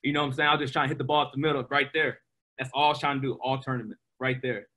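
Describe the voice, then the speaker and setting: A young man, a pro baseball player, telling animated stories in a casual interview, full of fillers. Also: mid-range voice, racing. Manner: animated, excitable, many fillers. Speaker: guest, professional baseball player.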